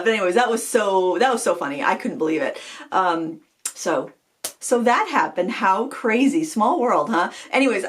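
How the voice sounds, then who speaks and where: A woman in her forties from Maine, a craft vlogger chatting casually to camera, rambling and laughing often. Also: medium pitch.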